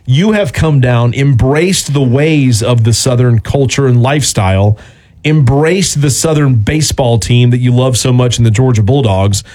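A man hosting a morning sports radio show from the American South, chatting casually with a playful, emphatic, drawn-out delivery. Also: medium pitch, dark tone.

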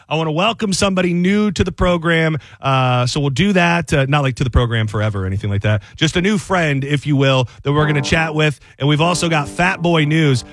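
A man's voice: on the high side, animated, fairly quick, few pauses, fairly bright tone, no echo. A man hosting a sports radio show, chatting casually and joking with his co-host and callers.

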